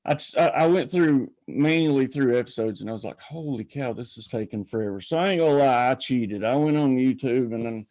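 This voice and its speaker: A man hosts a casual call-in show with a mellow, relaxed tone and an easy, rambling flow. His voice sounds close and dry, with no room echo. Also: mid-range voice, a little fast, few pauses. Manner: folksy, rambling, greets viewers by name. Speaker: podcast host. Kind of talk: casual live-stream chat.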